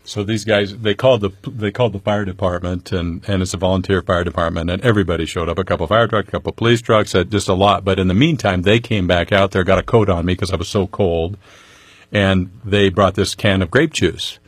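A middle-aged man with a low, husky voice tells his own story as an interview guest. He talks in an earnest, conversational way and slips in wry humor. The sound is dry and close. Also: fairly even intonation, fairly quick, dry recording. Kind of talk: personal storytelling.

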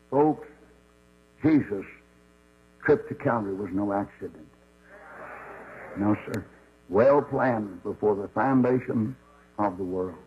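A man's voice: medium pitch, breathy edge. A man preaching a folksy sermon as a Baptist preacher, telling Bible stories and acting out the voices in them. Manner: storytelling, acts out voices of God and Moses. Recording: dull lo-fi recording with mains hum.

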